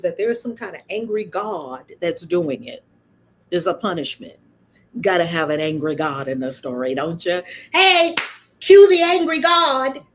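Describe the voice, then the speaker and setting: A woman hosting her own channel, giving a casual spiritual monologue in an animated, emphatic and preachy way, often breaking into laughter. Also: fairly low pitch, a little hiss or hum. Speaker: channel host and spiritual speaker.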